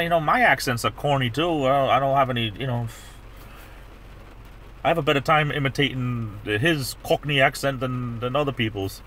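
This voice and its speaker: A middle-aged man hosts a livestream, chatting casually and rambling with lots of restarts. His voice sits in the mid range, fairly bright, at a moderate pace, with slight background noise.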